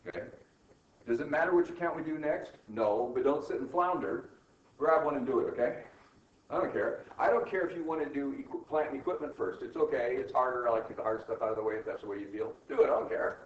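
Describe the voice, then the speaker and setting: Brisk male teacher in an echoey classroom. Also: mid-range voice. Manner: brisk, coaching, fires rhetorical questions at students. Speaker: accounting instructor. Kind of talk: classroom lecture. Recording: echoey classroom, distant mic, dull and lo-fi.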